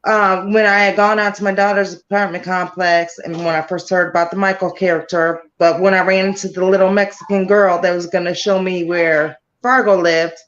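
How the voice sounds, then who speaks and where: A woman's voice: lowish voice, level tone, moderate pace, hardly any pauses, fairly bright tone. Woman with dull lo-fi call audio. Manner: rambling, circling back to details. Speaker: grieving mother interviewed about her daughter's death. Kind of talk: remote interview over a call.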